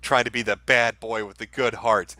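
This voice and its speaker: A man's voice: mid-range voice, steady tone, normal speed, pushed and bright, no room sound. A man hosting a casual commentary show, reacting to social media posts in a sarcastic, profane, mocking way.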